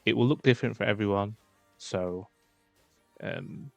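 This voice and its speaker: A man's voice: lowish voice, unhurried, creaky, a little mellow, muffled recording, soft background music. A man giving casual, chatty tips while talking over his own gameplay footage, full of fillers.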